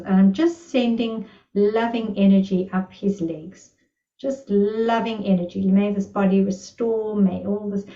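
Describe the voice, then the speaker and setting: A woman shares healing stories in a casual online lesson, her voice mellow and full of wonder. She sits back from the mic, and the sound is roomy and a little dull. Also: mid-range voice. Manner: enthusiastic, marvelling storyteller. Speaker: energy healing teacher. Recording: distant, roomy, slightly dull recording.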